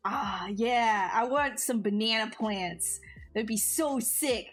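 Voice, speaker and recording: A woman's voice: a little high, takes it slowly, fairly bright tone, faint music behind. A woman chatting casually on a live stream while she sculpts, answering viewers in a self-mocking way that often trails off and restarts.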